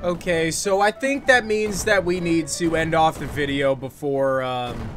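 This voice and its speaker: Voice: medium pitch, a little slow, fairly bright tone, faint music behind. A gaming channel host playing along with a friend, with dry, sarcastic, crude jokes, signing off the video. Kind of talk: let's-play gaming commentary.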